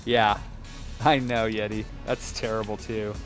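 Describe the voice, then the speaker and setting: A young man chatting casually as he fixes a controller, rambling through a story, swearing and mimicking people in a higher voice. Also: flat delivery, unhurried, over music. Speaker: repair shop vlogger. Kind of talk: casual chat while repairing a controller.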